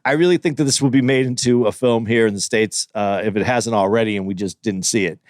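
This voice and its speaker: A man's voice: fairly low pitch, quick pace, no room sound. Easygoing man reviewing a movie. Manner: easygoing, enthusiastic, with restarts. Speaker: podcast host. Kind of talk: casual chat, movie review.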